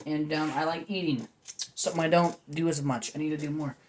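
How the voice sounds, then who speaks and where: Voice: mid-range voice, steady tone, a little fast. A young adult vlog host rambling through a casual food video with jokey, self-mocking commentary.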